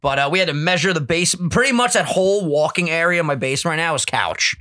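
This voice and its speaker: A man hosting a podcast, telling stories in casual, animated, profane chat. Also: a little high, quick pace, no echo, studio quality. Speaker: podcast host.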